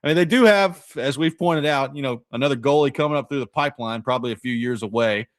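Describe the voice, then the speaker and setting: A man's voice: medium pitch, fast talker, dry recording, studio quality. A man co-hosting a sports talk radio show, arguing his points in casual chat with plenty of restarts and "you know"s. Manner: thinking aloud, stacked restarts, argumentative.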